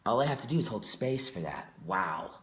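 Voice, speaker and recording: A man speaking as a guest in a casual conversation, reflective and earnest, often pausing on fillers. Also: mid-range voice, very animated, reverberant, slight background noise.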